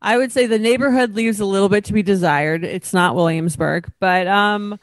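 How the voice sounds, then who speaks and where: A woman's voice: mid-range voice, moderate pace, no echo. A woman co-hosting a podcast in casual chat, talking with a slight lisp from new braces. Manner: chatty, frequent fillers. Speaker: podcast co-host. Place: her apartment, recorded over a video call.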